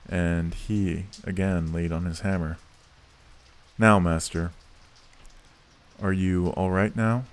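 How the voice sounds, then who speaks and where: A man narrates a classic novel in a very deep voice. His reading is slow and measured, steady from line to line. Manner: measured, unhurried storytelling. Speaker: audiobook narrator.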